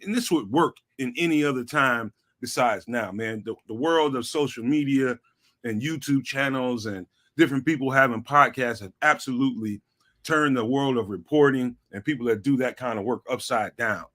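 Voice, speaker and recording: A man's voice: mid-range voice, fairly bright tone. A man, guest on a sports talk show, talking casually with lots of slang and repeated fillers. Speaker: guest, network founder.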